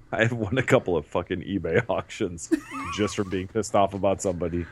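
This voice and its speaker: A man's voice: low voice, normal speed. A man co-hosting a podcast in casual chat, laughing often and swearing freely as he riffs. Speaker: podcast co-host.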